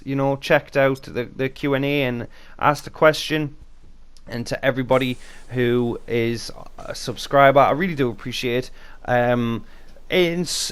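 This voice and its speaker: British guy rambling thru a viewer q and a, chatty and off the cuff, mid pitched. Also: fairly bright tone, clear, resonant tone. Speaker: YouTube channel host. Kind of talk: casual Q and A vlog.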